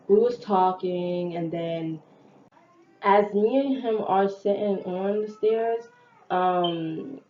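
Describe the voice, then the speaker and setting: A young woman casually retelling a personal story to her viewers, chatty and animated, with slang and quoted dialogue. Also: lowish voice. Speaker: vlogger telling a story. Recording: echoey, dull lo-fi room with faint noise.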